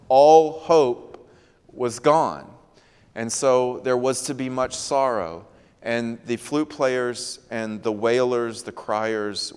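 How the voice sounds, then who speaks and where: Man, sermon, slow deliberate delivery, smooth clear voice, emphatic repetition, long hall reverb. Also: fairly low pitch. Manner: slow, emphatic, repeats key phrases. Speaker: preacher.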